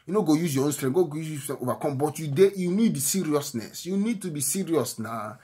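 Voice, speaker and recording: Man, Nigerian accent, husky voice, earnest and repetitive, preaching-style encouragement and prayer. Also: on the high side, expressive, a little fast, warm tone. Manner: earnest, repetitive, often tags lines with "eh?". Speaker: vlogger giving encouragement. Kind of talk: spontaneous faith exhortation and prayer.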